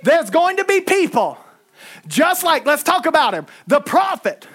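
A man, preaching a lively sermon with folksy asides and shouted lines. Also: very high-pitched, measured pace.

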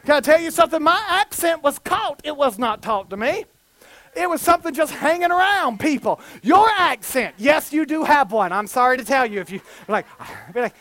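A man preaching a sermon with fervent bursts into shouting and frequent rhetorical questions. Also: very high-pitched, lively intonation, moderate pace, dry recording.

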